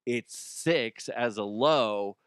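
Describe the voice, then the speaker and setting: A man's voice: medium pitch, extremely slow, fairly bright tone, clear, resonant tone, no room sound, studio quality. A man hosting a comedy podcast, rambling and self-mocking with crude jokes while a little sick with the flu. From Colorado. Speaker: podcast host. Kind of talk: rambling comic monologue.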